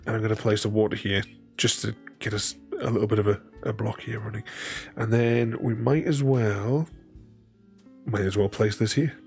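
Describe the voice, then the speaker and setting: A man's voice: lowish voice, steady tone, normal speed, gravelly, a little mellow, faint music behind. A man casually chatting with his viewers while playing a solo board game, thinking aloud and laughing often.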